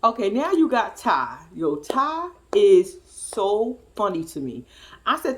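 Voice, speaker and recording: A woman hosting a casual recap commentary, talking in an animated, profane way and laughing often. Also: mid-range voice, slow. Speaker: host.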